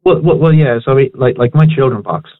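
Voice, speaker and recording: A middle-aged man calls in over a thin, tinny phone line. He talks with emphatic conviction and keeps restarting his sentences as he builds his point. His voice sits at an ordinary pitch, with a dry, close sound. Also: quick pace, no room sound. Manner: emphatic, opinionated, restarts often. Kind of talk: casual radio chat.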